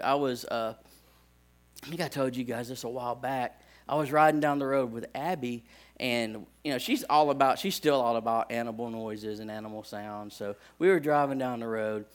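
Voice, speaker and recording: A man, a pastor preaching a sermon in a folksy storytelling way in a church. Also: medium pitch. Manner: folksy storytelling, animated when acting out scenes. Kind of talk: sermon with personal stories.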